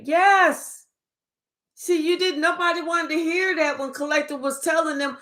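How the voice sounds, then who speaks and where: A woman's voice: sits high, a little slow, pushed and bright. A woman giving a tarot reading, talking in a blunt, profane and emphatic way, full of rhetorical questions. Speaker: tarot reader. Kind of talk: spiritual reading monologue.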